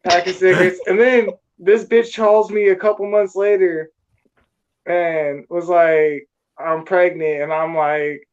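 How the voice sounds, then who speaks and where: A man's voice: sits high, level tone, a little slow, smooth, dull audio. A man from California telling a crude story in a blunt, profane, casual way. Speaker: storyteller guest.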